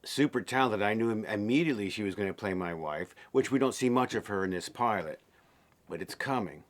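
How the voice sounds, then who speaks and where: A man speaking in a behind-the-scenes interview as a film director, relaxed and rambling with fillers and restarts. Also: on the low side, a little fast.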